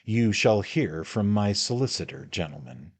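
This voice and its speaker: An affronted elderly gentleman, quick to anger, throws out his words with raised emphasis, as a man reads him in an audiobook. The voice sits low and husky beneath the outrage. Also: expressive. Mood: enraged. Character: indignant elderly gentleman, easily roused. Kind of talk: audiobook character voice.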